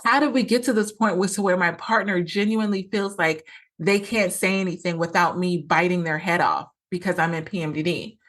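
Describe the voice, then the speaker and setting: A woman's voice: lowish voice, brisk, a bit bright. A woman hosting a solo podcast, talking earnestly as a coach and acting out quoted lines with a lot of repetition.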